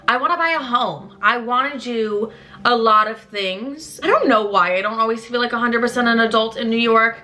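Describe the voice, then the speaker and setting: A young woman in her twenties talks candidly to her viewers as if they are close friends. Her voice is bright and forward, her delivery blunt and chatty, with casual swearing and lively jumps in pitch. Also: moderate pace. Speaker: lifestyle creator. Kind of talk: candid casual chat to camera.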